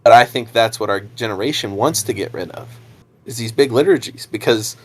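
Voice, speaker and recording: A man's voice: lowish voice, brisk. A young adult man, a preacher co-hosting a podcast, chatting casually in a rambling way, repeating words and laughing often.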